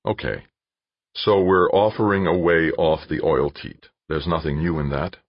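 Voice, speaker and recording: A man voicing a skeptical, weary male company boss who sounds gruff and doubtful. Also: very deep voice, steady tone, measured pace, dry recording, exaggerated voice. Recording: dull lo-fi dry recording.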